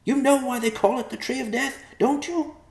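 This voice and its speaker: A man voicing a lonely, mocking old male vulture who talks slowly and sneeringly. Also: very high voice, fairly even intonation, creaky, a little mellow, roomy sound, pitched above the performer's own voice. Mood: gloating.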